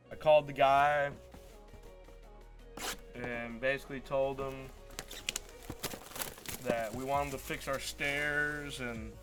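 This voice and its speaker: A man telling a long, frustrated story in casual live-stream chat as a card break host, acting out quoted dialogue. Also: medium pitch. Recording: faint music behind.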